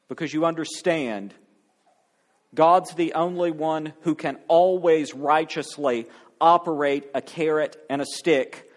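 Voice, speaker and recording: A man preaching a sermon, reading scripture aloud and then exhorting the congregation, stretching words out slowly for emphasis. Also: on the high side, expressive. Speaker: pastor.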